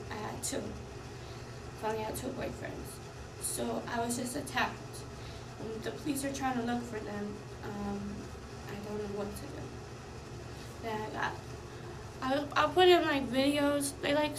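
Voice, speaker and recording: A young woman, a college student, giving a rushed, upset retelling of an incident. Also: fairly high pitch, fairly even intonation, reverberant, distant mic, background noise. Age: young adult. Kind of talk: recorded personal account.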